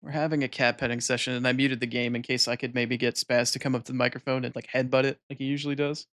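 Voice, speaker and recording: A man streaming a video game, chatting casually into a desk microphone and cooing softly to his cat. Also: mid-range voice, little pitch movement, fast talker. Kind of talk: casual live-stream chat.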